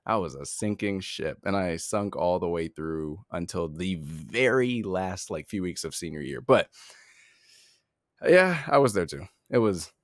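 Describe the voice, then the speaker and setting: Young male co-host, lowish voice, dry close recording, hesitant and quick to laugh. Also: lively intonation, no room sound. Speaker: podcast co-host. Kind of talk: casual chat.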